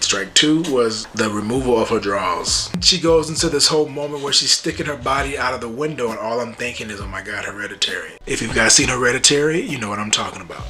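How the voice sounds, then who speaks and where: A man giving a casual, joking recap and reaction to a TV episode, animated and full of slang. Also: mid-range voice. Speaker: YouTube TV reviewer.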